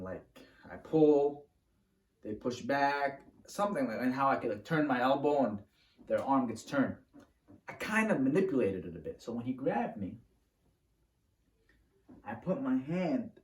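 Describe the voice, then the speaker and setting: A man telling a personal story to the camera in a casual, animated way, acting out the moves as he talks. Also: medium pitch, a little hiss or hum. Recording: roomy, from a distance to the mic.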